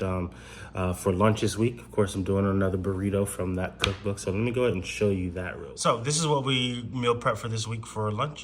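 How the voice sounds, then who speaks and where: A man's voice: lowish voice, slight background noise. A man chatting casually to camera in a home vlog, filmed in his kitchen, with many ums and restarts. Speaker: vlogger.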